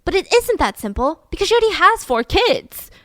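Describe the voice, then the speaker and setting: A woman hosting a podcast, telling a true-crime story in a casual, animated way with lots of "like". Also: very high voice, a little fast, dry recording. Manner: chatty, animated, peppered with "like". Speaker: podcast host.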